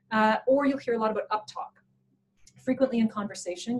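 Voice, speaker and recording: A woman presenting a professional development workshop in an animated, playful way, laughing often. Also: a little high, a little fast, poor audio. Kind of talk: workshop talk.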